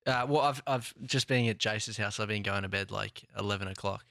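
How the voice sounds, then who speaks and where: A man's voice: fairly low pitch, a little fast, creaky, no room sound, studio quality. Hesitant young Australian man. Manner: hesitant, filler-heavy, trails off quietly. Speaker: podcast co-host. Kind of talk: casual studio banter.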